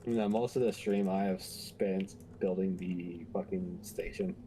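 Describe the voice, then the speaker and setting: Mellow, low-voiced gamer man. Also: steady tone, measured pace, a little hiss or hum. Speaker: friend on stream. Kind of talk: casual gaming voice chat.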